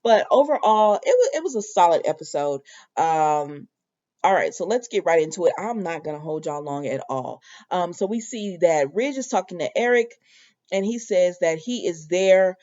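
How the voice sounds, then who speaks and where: A woman's voice: fairly low pitch, lively intonation, moderate pace, mellow, dull audio. A woman in casual chat, reviewing a soap opera episode, talking loosely with many fillers and quoting the characters herself. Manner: chatty, many fillers, quotes characters in her own voice.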